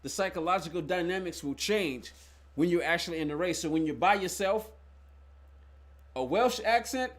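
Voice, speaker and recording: High-voiced man rambling through a game stream. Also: a little fast. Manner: rambling, talks to viewers, thinks aloud. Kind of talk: casual live-stream chat while playing.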